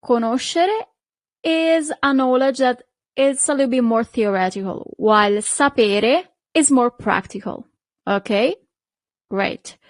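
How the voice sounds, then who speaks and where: A woman's voice: a little high, dry recording. A woman teaching a language lesson, patiently repeating each word and checking in with the listener. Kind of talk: slow, clear language lesson.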